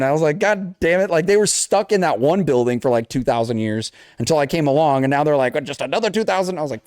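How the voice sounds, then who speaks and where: A man's voice: fairly high pitch, fast talker, dry recording, clean studio sound. A young man co-hosting a casual chat, telling a video game story with lots of swearing and acted-out lines. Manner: animated storytelling, acts out game characters, swears a lot. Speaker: podcast co-host.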